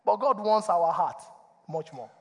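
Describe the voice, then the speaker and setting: A man preaching a sermon as a pastor, animated, asking for responses from the congregation and laughing between points. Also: sits high, measured pace, husky. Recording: long reverb of a church hall.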